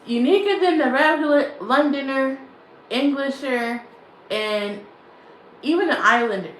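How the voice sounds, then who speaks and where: A woman's voice: high-pitched, measured pace, echoey room, a little hiss or hum, rough recording. A woman vlogger chatting casually to her stream, rambling and repeating herself, laughing often. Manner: rambling and repetitive, often restating phrases; laughs often while talking. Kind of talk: casual livestream chat.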